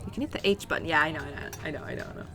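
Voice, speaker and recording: Chatty giggly woman doing a lets play, bright crisp voice, faint music under it. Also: sits low, rapid-fire. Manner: chatty, giggly, reacts aloud to the game. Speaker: gaming streamer. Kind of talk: let's play commentary, reading game dialogue aloud.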